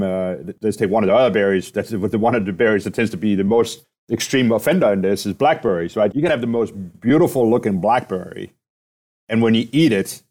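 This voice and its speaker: Interviewed in a conversational setting, a man who is a company president speaks in a fairly low, slightly mellow voice. His explanations run long, and he tends to close points by asking "right?" or "okay?".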